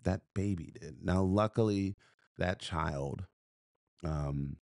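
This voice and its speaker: A man's voice: low voice, slow pace, creaky, a little mellow, dry recording, studio quality. A man telling a story on a podcast in an emphatic, punchy way, repeating phrases and restarting.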